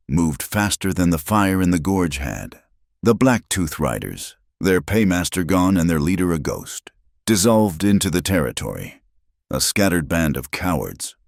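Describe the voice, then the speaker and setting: Very deep, dramatic western storyteller man. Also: gravelly, no room sound, studio quality. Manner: dramatic, measured, pausing phrase by phrase. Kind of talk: scripted narration of a western story.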